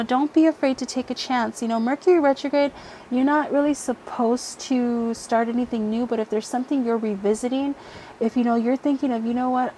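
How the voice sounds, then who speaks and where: A woman's voice: a little high, dark tone. Blunt, swearing woman reading tarot. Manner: blunt, frequent swearing, many fillers. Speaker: tarot reader. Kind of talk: casual pick-a-card tarot reading. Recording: faint background noise, helicopter overhead at times.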